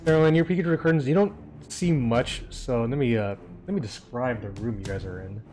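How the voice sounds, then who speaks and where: A man's voice: mid-range voice, a little fast. Rambling male game master, music behind. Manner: loose, rambling description full of hesitations. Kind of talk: narrating a tabletop game. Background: soft background music.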